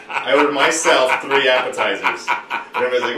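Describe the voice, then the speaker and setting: A man's voice: mid-range voice, fast, sharp tone, far from the mic. A man telling a long, profane story to friends in a casual chat, acting out what people said. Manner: profane, boisterous storyteller who acts out quotes. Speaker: podcast host telling a story. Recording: echoey room with faint background noise, off-mic.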